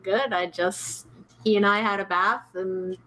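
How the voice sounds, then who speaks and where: A woman's voice: mid-range voice, fairly even intonation, a little slow, a bit bright, rough recording. Dry-talking woman co-host. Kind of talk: casual livestream chat.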